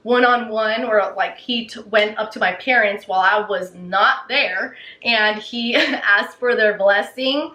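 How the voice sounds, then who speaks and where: A young woman telling her story to camera in a casual, excited and gushing way, full of "you know" and "like". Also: medium pitch, measured pace, hardly any pauses, reverberant, poor audio. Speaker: vlogger.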